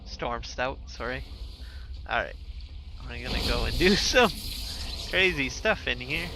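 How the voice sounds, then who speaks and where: A man's voice: medium pitch, lively intonation, a little slow, noisy background. A man streaming a game live, chatting with viewers in a laid-back, rambling way while he plays. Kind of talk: casual live gameplay commentary.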